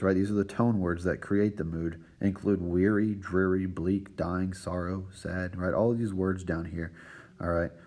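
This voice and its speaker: A man's voice: low voice, a little mellow. A man teaching a recorded literature lesson to his students, checking in with "right?" and "all right" after nearly every point.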